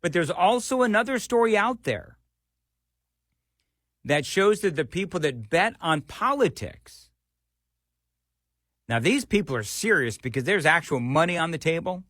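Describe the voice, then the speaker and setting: A man's voice: on the high side, big pitch swings, measured pace, long pauses, fairly bright tone, dry recording, clean studio sound. An American man hosting political talk radio, emphatic and repeating phrases as he comments. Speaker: radio talk show host.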